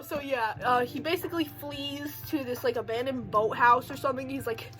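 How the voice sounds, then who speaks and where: Brief: high, bright female voice, chatty rambling recap, lots of filler, quick joking asides. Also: soft background music, rough recording. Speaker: video creator recapping a film. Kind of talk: casual rambling film recap.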